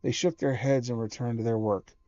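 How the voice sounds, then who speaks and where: A man reading a children's horror book aloud, slow and measured with small self-corrections. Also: mid-range voice, fairly even intonation, dark tone, no room sound, highs cut off.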